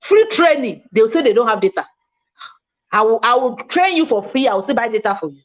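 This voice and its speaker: A woman from Nigeria with a Nigerian English accent, giving a fast, emphatic, self-assured online mentoring talk as a coach. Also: on the high side, sing-song, highs cut off. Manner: speaks fast, by her own account.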